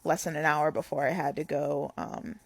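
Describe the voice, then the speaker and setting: Gravelly young woman telling a story. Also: sits low, flat delivery, moderate pace, dry recording. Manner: rambling, full of "like" fillers. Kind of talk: casual storytime.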